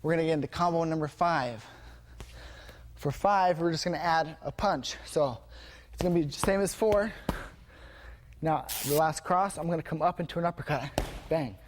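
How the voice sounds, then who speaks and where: A man teaching striking combinations as a martial arts instructor, demonstrating energetically and marking each punch with a sharp "bang". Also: on the high side, moderate pace. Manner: energetic, punctuates moves with "bang". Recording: noisy gym recording.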